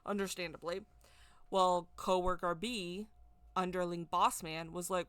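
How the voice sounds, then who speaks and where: A woman's voice: lowish voice, fairly even intonation, measured pace, a bit bright, smooth, dry recording. A woman vlogger telling a casual story in a rambling way, often repeating and correcting herself. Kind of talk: casual spoken anecdote.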